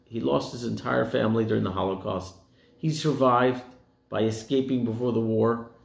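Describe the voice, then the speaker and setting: Speaking in a creaky, slightly mellow voice, a rabbi from the United States tells stories during a sermon and acts out the people in them. He lifts his pitch for quoted speech, and the room has a noticeable echo.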